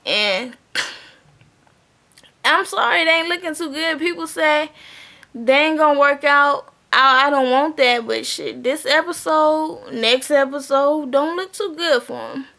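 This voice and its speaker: High bright-voiced woman, blunt and chatty. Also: measured pace. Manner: blunt, profane, chatty, often asks "okay?". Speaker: vlogger recapping a reality TV episode. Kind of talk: casual recap chat.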